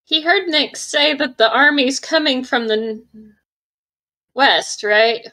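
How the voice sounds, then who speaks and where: A woman at a tabletop game makes unhurried asides. Her voice sits high and bright, and she speaks slowly. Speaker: player. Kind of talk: casual tabletop game play.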